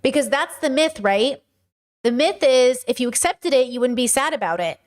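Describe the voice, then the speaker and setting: A woman's voice: sits high, animated, normal speed. A woman hosting a livestream, answering viewers' chat questions in an earnest, emphatic way.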